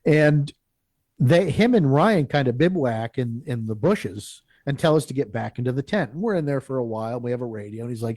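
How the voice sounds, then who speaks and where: A man's voice: mid-range voice, brisk, no room sound. Man animatedly telling a campfire story. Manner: animated, acts out quoted speech; rambling with frequent restarts. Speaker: guest telling a field story. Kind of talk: live interview storytelling.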